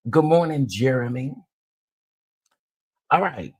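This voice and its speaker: Man, livestream host, AAVE speech, husky, dry close sound, playful chat. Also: medium pitch, takes it slowly, dry recording. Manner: animated, greets viewers one by one, playful.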